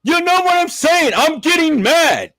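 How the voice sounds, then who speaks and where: A man mimicking a rival man in a high, whiny, mocking voice. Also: big pitch swings, measured pace, pushed and bright, no room sound, heavily acted.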